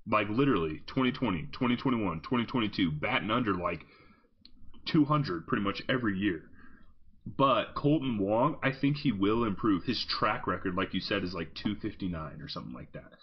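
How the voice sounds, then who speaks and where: Husky low-voiced man reasoning calmly. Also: fairly quick, muffled recording. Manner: calm, reasoning, casual filler-laden. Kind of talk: sports talk.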